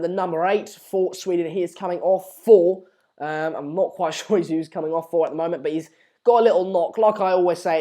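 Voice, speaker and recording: A man's voice: sits high, a little mellow. Chatty man hosting a match stream. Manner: chatty, reads out viewer comments. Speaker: live stream host. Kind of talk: casual live match commentary.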